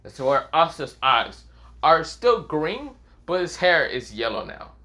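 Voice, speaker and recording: A young man spins an improvised fan story in a loose, rambling way, peppered with fillers and casual swearing. His voice sits a little high for a man. It rises and falls a lot. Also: sing-song, a little slow, sharp tone.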